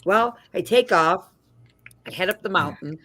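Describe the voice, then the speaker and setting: Lady hosting a chill live chat, lowish voice, tells stories all animated. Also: measured pace, husky. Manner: lively storyteller. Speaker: host. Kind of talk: casual livestream chat.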